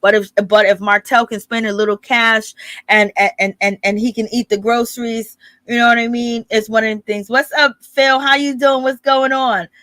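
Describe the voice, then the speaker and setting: Animated woman chatting about reality TV. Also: fairly high pitch, moderate pace, no room sound. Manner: animated, greets chat viewers, acts out quotes. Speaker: reality TV commentary host. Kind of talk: casual live-stream commentary.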